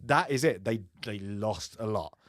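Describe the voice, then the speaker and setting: A man's voice: fairly low pitch, lively intonation, measured pace, dry recording, clean studio sound. A man co-hosting a casual film chat, rambling and laughing often. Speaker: podcast co-host.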